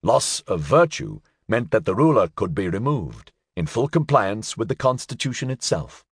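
A man reading a history audiobook aloud as a measured, storytelling narrator. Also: on the low side, very animated, husky, no echo, clean studio sound.

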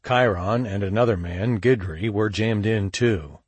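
A man narrating a crime story in a steady, measured audiobook read. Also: fairly low pitch, husky, no room sound. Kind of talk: scripted narration.

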